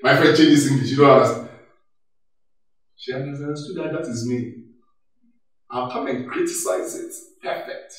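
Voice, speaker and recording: A man giving an animated workshop talk, laughing and acting out office dialogue as he goes. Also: medium pitch, normal speed, long pauses. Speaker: workshop speaker. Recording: echoey hall, mic far off.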